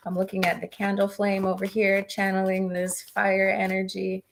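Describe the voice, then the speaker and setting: A woman giving live-stream tarot readings and talking easily with her viewers. Her tone is encouraging and chatty. Her voice has a gravelly fry, sitting at a middle pitch. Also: completely flat delivery, moderate pace, few pauses, background noise. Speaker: tarot reader.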